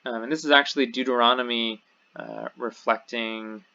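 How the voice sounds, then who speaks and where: A man's voice: medium pitch, steady tone, sharp tone, clear, resonant tone. A man teaching a recorded online lesson, explaining step by step and saying each word twice. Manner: slow, explains step by step, repeats words twice. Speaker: Hebrew teacher. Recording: dull lo-fi audio.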